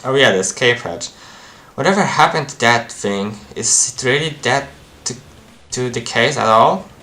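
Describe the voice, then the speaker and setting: Guy dubbing a game, bright tense voice, kinda casual, faint hiss. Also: mid-range voice, animated. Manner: quick, casual reading with restarts. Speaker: amateur dubber playing a game. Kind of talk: voicing a game playthrough.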